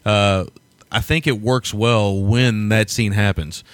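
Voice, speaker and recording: A man's voice: lowish voice, steady tone, slow, clear, resonant tone, no echo. A man from the United States co-hosting a film podcast, rambling casually, laughing often and swearing now and then. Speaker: podcast co-host. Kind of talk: casual film review chat.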